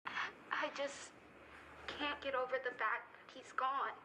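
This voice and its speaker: An actress playing an eerie woman who slowly savors the thought of a boy's death. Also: sits high, highs cut off. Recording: clip with steady noise behind.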